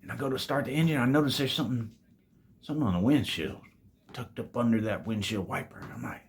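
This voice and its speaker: A man's voice: medium pitch, fast. A man casually telling a storytime tale to his viewers, laid-back and full of swearing, calling them babies. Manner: profane, laid-back, calls listeners "babies".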